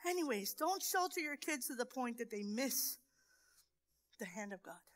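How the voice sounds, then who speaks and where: A middle-aged woman preaching a sermon in a church, moving from hushed near-whispers to impassioned shouting. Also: fairly high pitch, sing-song, moderate pace, low-quality recording.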